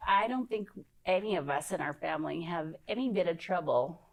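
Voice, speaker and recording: A middle-aged woman from Idaho, a podcast guest telling stories in a lively, laughing way and acting out what people said. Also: on the low side, fairly quick, creaky, low-quality recording. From Idaho, USA. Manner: animated, laughing storyteller who acts out dialogue. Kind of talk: casual storytelling interview.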